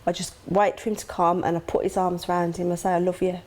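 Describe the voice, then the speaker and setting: A middle-aged woman talks openly and emotionally as an interview guest. She tells her memories quickly, acting out remembered conversations, and her voice jumps high when she gasps. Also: little pitch movement, darkish tone. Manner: emotional, acts out quoted dialogue with sudden high gasps. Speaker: interview guest, grieving mother.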